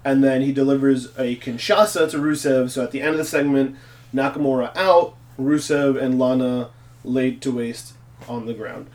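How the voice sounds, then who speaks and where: A man's voice: medium pitch, steady tone, moderate pace, darkish tone. A man hosting a casual wrestling recap, joking and laughing often. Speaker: podcast host.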